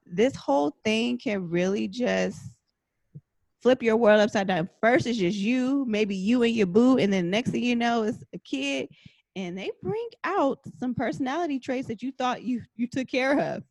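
A woman's voice: fairly high pitch, expressive, normal speed, creaky, a little mellow, no room sound. A young pregnant woman co-hosting a casual chat show, telling frank self-deprecating stories about motherhood. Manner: candid, self-deprecating storyteller. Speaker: podcast co-host.

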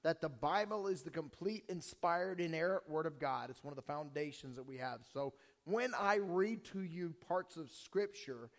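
Hoarse casual pastor in a reverberant hall. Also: male voice, fairly high pitch, normal speed. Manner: casual, joking, with many fillers and restarts. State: hoarse, voice strained. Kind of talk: sermon. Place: church hall before a congregation.

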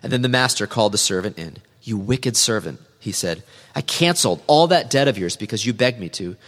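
A man preaching an earnest, measured sermon as a pastor, reading scripture aloud. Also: fairly low pitch, expressive, fairly bright tone, long reverb tail.

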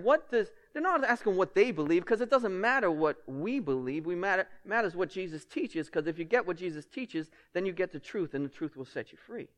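A man delivers a sermon as pastor, his voice sitting a little higher than most men's. He talks to the congregation in a casual, personal way. He keeps pressing his points with emphatic rhetorical questions. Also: fairly bright tone.

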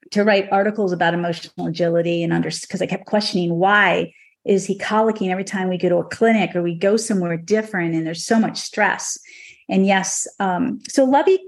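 A middle-aged woman, a horse trainer, telling a personal story on a podcast in an emotional, animated way. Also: mid-range voice.

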